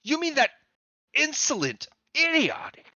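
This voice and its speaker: A man voicing a rambling, pompous, scatterbrained old male sage who shoots up into high indignant outbursts. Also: sing-song, moderate pace, bright, forceful tone, no room sound, lo-fi sound, full character voice. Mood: scornful.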